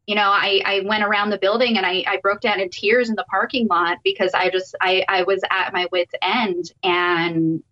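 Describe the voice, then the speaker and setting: A woman's voice: mid-range voice, level tone, moderate pace, few pauses, bright, forceful tone. A woman, a business owner, speaking as a guest and telling her story in an upset, hesitant way with many fillers. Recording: dull lo-fi line.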